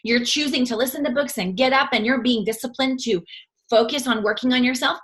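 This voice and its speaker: A woman's voice: high voice, brisk, a bit bright. A woman in her thirties giving a motivational talk to her team as its leader. She coaches earnestly and acts out the voices she quotes.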